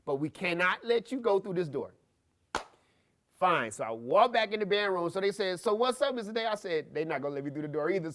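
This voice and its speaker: Animated storytelling man. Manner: animated storyteller, acts out dialogue with big pitch jumps. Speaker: teacher and podcast guest. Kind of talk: storytelling in a podcast interview.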